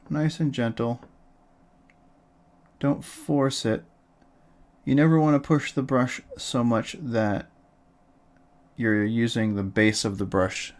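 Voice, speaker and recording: A man streaming a relaxed miniature painting tutorial, coaching in a soft, calm tone. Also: fairly low pitch.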